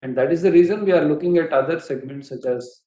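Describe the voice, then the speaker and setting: A company executive on an earnings call, answering analysts' questions in a measured way, with many filler pauses and self-corrections. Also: male voice, on the high side, dark tone, echoey room, rough recording.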